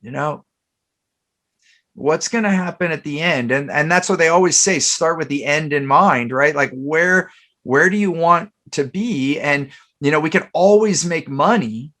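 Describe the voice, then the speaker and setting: Bright-voiced man telling rambling stories. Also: a little high, unhurried. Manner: rambling storyteller, many fillers and restarts. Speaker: podcast host. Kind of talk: casual podcast chat.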